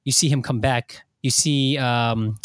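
A man chatting casually about a film, his voice recorded close and dry with no room sound. He rambles through the story, stopping and restarting, and acts out the lines in an animated way. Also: medium pitch, unhurried, no room sound. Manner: rambling, animated retelling with many fillers and restarts. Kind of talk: casual chat.

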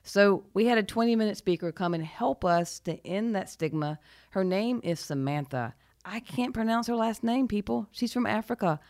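A woman's voice: mid-range voice, lively intonation, normal speed, a little mellow, no echo. A woman host introducing a guest speaker on her podcast in an upbeat, chatty way. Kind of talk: show introduction. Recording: dry close recording.

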